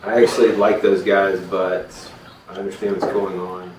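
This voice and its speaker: A gruff, grumbling homeowner, put on by a man running a tabletop game, blunt and foul-mouthed. The voice sits at an ordinary pitch and carries a roomy echo. It sounds picked up from a distance, over a noisy background. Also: expressive, a little fast, close to an everyday voice. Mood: conflicted. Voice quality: grumpy, blunt, swears.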